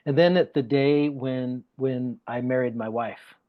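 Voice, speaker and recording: A man's voice: mid-range voice, steady tone, a little slow, narrow, tinny audio. A man, a guest speaker, telling a personal story in conversation, earnest and emotional, often repeating phrases for emphasis.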